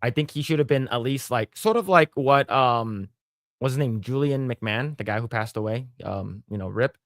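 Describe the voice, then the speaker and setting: A man's voice: medium pitch, normal speed, no echo, studio quality. A man hosting a casual podcast chat, rambling with lots of fillers and restarts. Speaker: podcast host.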